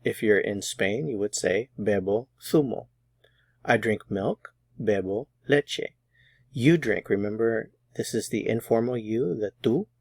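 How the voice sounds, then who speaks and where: A man teaching a Spanish grammar lesson, explaining patiently and methodically, slowing down to model example phrases. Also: fairly low pitch, creaky, dry recording, studio quality.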